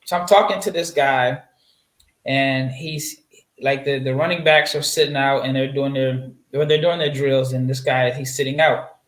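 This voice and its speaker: A man from Nebraska talks as a guest on a basketball podcast, easygoing and full of fillers and restarts. His voice sits at an ordinary middle pitch. The sound is roomy, with audible echo around him. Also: steady tone, moderate pace. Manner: rambling storyteller, many fillers and restarts. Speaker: guest draft analyst. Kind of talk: casual interview chat. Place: home setup, away from his usual mic.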